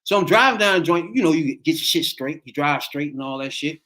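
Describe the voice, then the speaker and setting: A middle-aged podcast host with a fairly high-pitched voice tells a story in casual chat, talking a little fast. He's animated and performs the voices of the characters.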